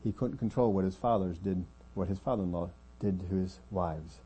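Low, husky-voiced male pastor. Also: normal speed. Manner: earnest, drops quiet to make a point. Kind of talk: sermon. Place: church.

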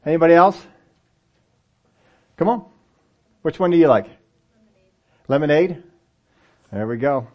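A man preaching a conversational sermon to a church congregation with children present. His voice sits a little high for a man, and he slips into short acted voices for the story's people. The recording sounds dull and lo-fi. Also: expressive, normal speed, pauses often. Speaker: pastor.

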